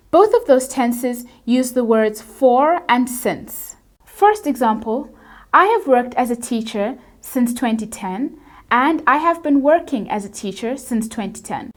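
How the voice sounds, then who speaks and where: A woman English teacher giving a scripted grammar lesson, explaining clearly and at a measured pace. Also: high voice.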